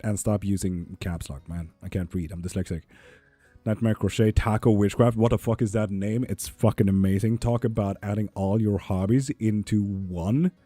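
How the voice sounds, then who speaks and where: A man, talking casually on a live stream and swearing freely as he reads comments. His voice sits low and mellow, recorded dry and close, with faint music under it. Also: steady tone, moderate pace, few pauses, husky, dry recording. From Sweden. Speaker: tarot reader streamer.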